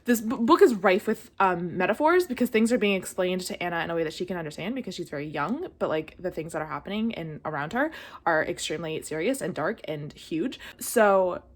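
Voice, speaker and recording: A woman's voice: on the low side, animated, brisk. A woman reviewing books in a casual vlog, chatty and gushing, with lots of "like" fillers, getting emotional to the point of near tears. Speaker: book reviewer. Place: at home, leaning on a blanket.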